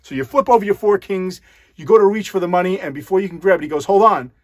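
With a high-sitting, darkish voice and a fast pace, a male magician talks the viewer through how a card scam works, one step after another. It's a conversational explanation aimed directly at camera, and there's no echo.

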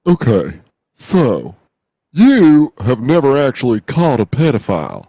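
A man's voice: mid-range voice, wildly swooping pitch, unhurried, dark tone, no echo. Crude joking man on a dry mic. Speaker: podcast co-host. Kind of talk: casual comedy podcast chat.

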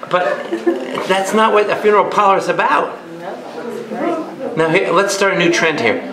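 A man, a priest, teaching a Bible study in a sermon style, with humorous, animated storytelling and rhetorical questions. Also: high-pitched, moderate pace, a crowd in the background. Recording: echoey hall with live audience. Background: audience laughter and responses.

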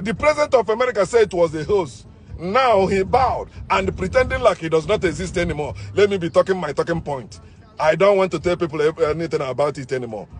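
A man delivering a combative, scornful monologue, repeating his points as he argues. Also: high voice. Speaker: online commentator. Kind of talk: ranting monologue.

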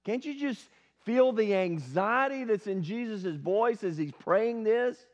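A man's voice: high voice, lively intonation, measured pace. A male pastor giving an earnest, conversational sermon at a church service, often asking the congregation questions. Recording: dull lo-fi sermon recording.

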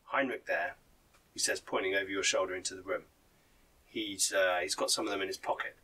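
A man's voice: low-pitched, fairly even intonation, fairly quick, pushed and bright, recorded from a distance, slight background noise, pitched below the performer's own voice. A game master voicing a shady male informant in a confiding, hesitant manner. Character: shady male street informant, sly and wary. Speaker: non-player character.

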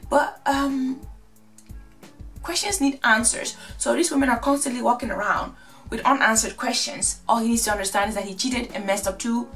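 A woman from Ghana casually recapping a reality show, sassy and animated, acting out the quotes. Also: fairly high pitch, far from the mic.

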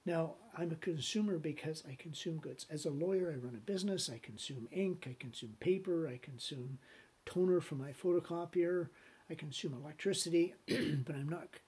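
A middle-aged man lecturing on business law, chatty and anecdotal. His voice is very clear. He slips into little put-on voices for the people in his stories and keeps clearing his throat. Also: fairly high pitch, a little mellow. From Canada. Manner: anecdotal, conversational, acts out quoted voices, frequent throat clearing.

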